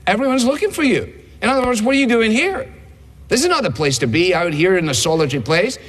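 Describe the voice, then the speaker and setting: A man voicing an excited male disciple who urgently presses Jesus to come back to the crowds. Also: fast talker, exaggerated voice. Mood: eager. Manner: high, eager, pressing. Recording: long hall reverb.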